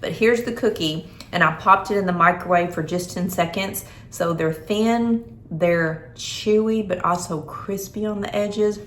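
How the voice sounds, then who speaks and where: A woman's voice: lowish voice, measured pace, few pauses, slight background noise. Chatty woman vlogging at home. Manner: chatty, homey, talks while snacking. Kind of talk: casual vlog chat. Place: home kitchen, indoors. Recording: echoey room.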